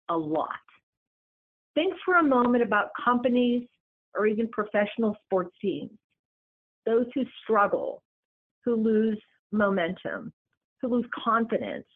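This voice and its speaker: A woman presenting a business series in scripted narration, with measured, emphatic lists. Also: mid-range voice. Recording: tinny phone-like line.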